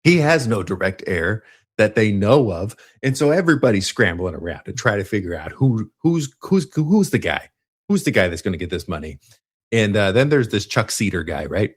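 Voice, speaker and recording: Deep-voiced man rambling through a movie recap. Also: sing-song, moderate pace, breathy edge. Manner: rambling, self-interrupting, laughs often. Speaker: podcast co-host.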